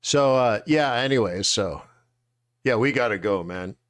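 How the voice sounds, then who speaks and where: A man hosting a live trading webinar, chatting casually in slangy, animated storytelling that acts out quotes. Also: medium pitch, a little slow. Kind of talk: casual chat.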